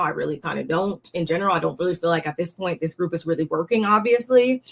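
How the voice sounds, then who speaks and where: A young woman hosts a casual recap of a reality show. She talks bluntly and in slang, and she often sounds exasperated. Her pitch sits in the middle range for a woman. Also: a bit bright. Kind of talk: casual commentary.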